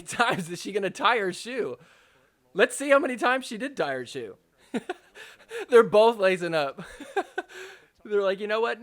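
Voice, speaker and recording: A man hosting a podcast, giving a casual, animated recap over sports clips and laughing at the players. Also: high voice. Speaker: podcast host.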